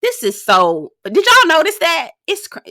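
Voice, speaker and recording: A woman in her thirties giving a sassy, animated recap of a reality show, with laughing asides and quoted lines. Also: very high-pitched, unhurried, no room sound, studio quality. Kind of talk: casual recap commentary.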